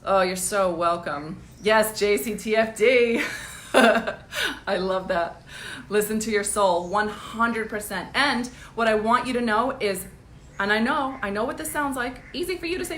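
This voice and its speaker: Blunt, lively coaching woman in an echoey room. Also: medium pitch, unhurried, a little hiss or hum. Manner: energetic, blunt, laughs often, swears casually. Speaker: business coach. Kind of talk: casual live-stream pep talk.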